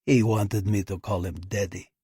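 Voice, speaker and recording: A man voicing a huge male agent with a heavy Russian accent, speaking low and sneering. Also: steady tone, normal speed, warm tone, slightly rough, no room sound, studio quality. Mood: deadpan menace. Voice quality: lowered, sneering voice.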